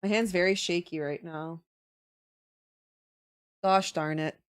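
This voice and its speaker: A woman's voice: lowish voice, steady tone, slow pace, smooth. A woman streamer, out of breath, chatting casually and thinking aloud while she draws on a livestream. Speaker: streamer drawing emotes.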